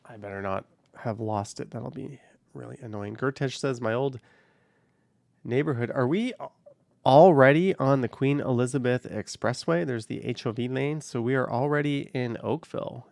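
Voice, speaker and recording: A man hosts a casual livestream from behind the wheel, reading viewer comments and answering in an offhand, rambling way. His voice has a gravelly edge and sits at an ordinary male pitch. The sound is dry, as if picked up inside a car. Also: normal speed, darkish tone, no room sound. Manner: offhand, rambling, hedges with "I don't know". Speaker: livestream host. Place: in a car while driving on a highway. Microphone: camera on a car mount.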